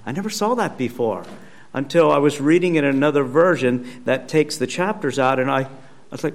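A pastor giving a conversational sermon with emphatic repetition, speaking in a church. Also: male voice, a little high, animated, moderate pace. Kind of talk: sermon teaching.

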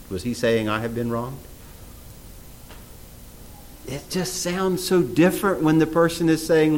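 A man's voice: on the high side, moderate pace, rough recording. A man preaching a sermon, reading scripture aloud and asking the audience questions. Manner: animated, reads scripture aloud in old English, asks the audience questions.

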